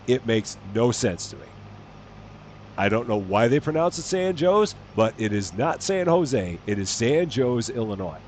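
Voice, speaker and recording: A man's voice: medium pitch, sing-song, a little slow, a little mellow, a little hiss or hum. A man casually chatting while streaming a farming game, playful and given to wondering aloud. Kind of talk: casual live gameplay commentary.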